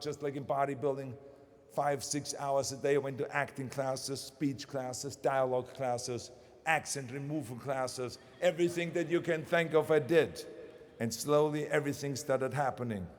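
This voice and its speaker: A man's voice: medium pitch, a little mellow, big-room sound. A man with a German accent giving an emphatic, motivational commencement speech in short, punchy phrases. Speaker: commencement speaker.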